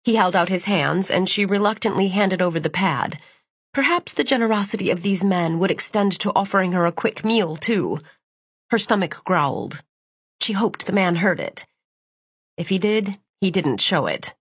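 A woman narrating a novel in a measured, even storytelling voice. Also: mid-range voice, husky, no echo. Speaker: audiobook narrator. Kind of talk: scripted audiobook narration.

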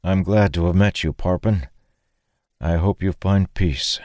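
A man doing a gentle, courteous aged man. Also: low voice, a little slow, no room sound, voice pushed up.

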